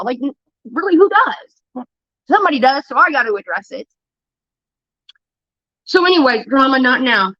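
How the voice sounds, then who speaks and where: A woman's voice: high voice, expressive, moderate pace, pauses often, pushed and bright, no echo, highs cut off. A woman streamer delivering a heated, profane rant about a falling-out with a friend, talking straight into a close mic. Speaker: livestreamer. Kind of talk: ranting livestream monologue.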